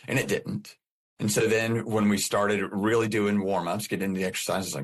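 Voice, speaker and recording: A man's voice: fairly low pitch, a little fast. A middle-aged man, a podcast guest, telling his personal story in an earnest way, often repeating and restarting his phrases.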